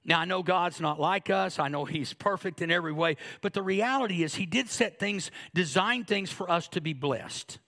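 High, gravelly man preaching a sermon. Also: normal speed, few pauses, sharp tone. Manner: humorous, conversational preaching with acted-out asides. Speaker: pastor.

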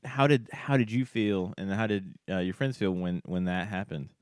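Low-voiced easygoing podcast man. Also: normal speed, no room sound, studio quality. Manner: easygoing, reacts with laughter and swearing, asks follow-up questions. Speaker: podcast co-host. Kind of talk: casual podcast chat.

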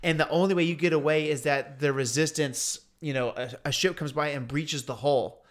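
A man with a slightly higher voice for his sex, chatting casually on a podcast. He tells a story in an animated, laid-back way, full of slang. He acts out other people's lines as he goes. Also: normal speed. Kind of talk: casual chat.

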